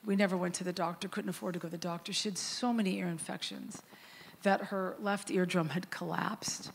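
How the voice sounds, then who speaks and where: A middle-aged woman preaching a sermon as a guest worship leader, telling a story in a lively, conversational way and acting out the quotes. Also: fairly low pitch, a little fast, creaky, a little hiss or hum.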